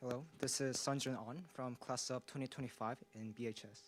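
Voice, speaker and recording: A man's voice: mid-range voice, steady tone, brisk, slight background noise. A young man whose first language is not English, reading a nervous, shaky public comment at a school board meeting, with many fillers and restarts. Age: young adult. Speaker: public commenter, college student. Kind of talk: nervous prepared speech.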